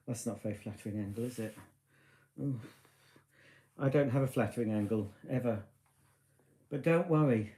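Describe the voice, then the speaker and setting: A man's voice: mid-range voice, mellow. Tipsy man rambling on a live stream. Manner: rambling, chatty, self-mocking. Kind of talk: casual live-stream chat. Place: living room at home. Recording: echoey room.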